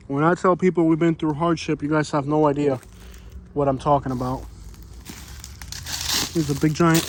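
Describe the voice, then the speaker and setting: Breathless rambling man hiking outdoors. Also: on the high side. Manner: rambling, folksy, says "you know" a lot. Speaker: vlogger exploring homeless camps. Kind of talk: casual walking vlog narration. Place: outdoors in hot woods. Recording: faint outdoor ambience.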